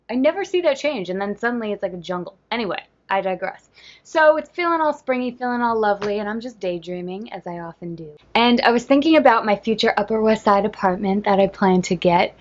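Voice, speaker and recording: Woman, casual vlog, chatty, rambling, playful asides, medium pitch, dull lo-fi recording. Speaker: life coach. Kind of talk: casual vlog talk to camera. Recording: slightly dull lo-fi sound.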